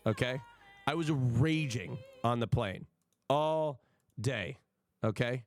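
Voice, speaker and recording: A man's voice: medium pitch, unhurried, long pauses, soft background music. A man streaming live, ranting to his chat in a profane, emphatic way with frequent stammering restarts. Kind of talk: casual livestream rant to chat.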